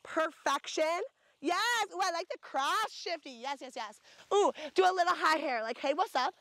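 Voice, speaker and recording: A woman's voice: extremely high pitch, lively intonation, normal speed, sharp tone, dry recording. A woman directing a photo shoot, bubbly and gushing with enthusiastic praise as she calls out poses. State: sucking on a throat lozenge.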